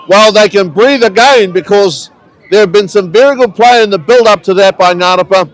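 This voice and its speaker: A New man calls a local rugby match from the ground, his voice pitched high and his delivery easygoing and conversational. He mixes play-by-play with friendly local asides. A faint crowd murmurs behind him outdoors. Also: moderate pace, poor audio. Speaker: rugby commentator. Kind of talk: live sports commentary.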